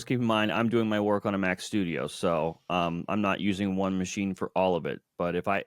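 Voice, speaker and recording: A man appearing as a guest on a tech podcast, talking in a relaxed, joking way. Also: fairly low pitch, no echo, clean studio sound. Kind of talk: casual tech chat.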